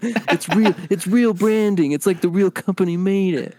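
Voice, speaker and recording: A young man appearing as a podcast guest, chatting casually, quick to joke and act out little scenes. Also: high-pitched, fairly even intonation, a little mellow, slight background noise. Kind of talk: casual chat.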